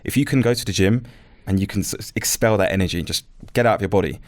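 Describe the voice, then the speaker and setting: A man's voice: fairly low pitch, quick pace. A British man, a podcast guest, speaking earnestly and giving advice from his own experience. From Britain. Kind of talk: casual chat.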